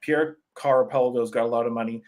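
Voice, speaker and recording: A man chatting as a podcast guest in a sparse room of his new house, rambling and animated, laughing often. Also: mid-range voice, fairly quick. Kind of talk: casual sports chat.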